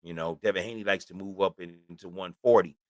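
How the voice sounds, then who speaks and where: A man's voice: sits low, steady tone, fast talker, no echo, clean studio sound. A middle-aged man hosting a casual sports talk show, chatting loosely and keeps asking "you know what I'm saying". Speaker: host.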